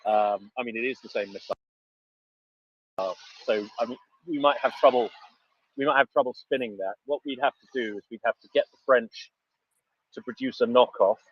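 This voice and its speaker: A man's voice: mid-range voice, normal speed, slightly rough, dry recording. British guy on a dull muffled mic, dry jokes, lots of ums. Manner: dry, hesitant with many fillers. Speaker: panelist. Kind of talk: casual chat.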